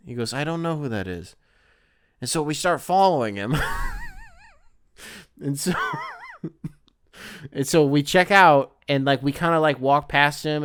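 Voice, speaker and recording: A man's voice: a little high, a bit bright, clear, resonant tone, no echo, studio quality. A man from the Detroit area hosting a podcast, telling a casual story that rambles, with plenty of fillers and swearing. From Detroit area, Michigan. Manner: rambling, profane, lots of fillers. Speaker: podcast host.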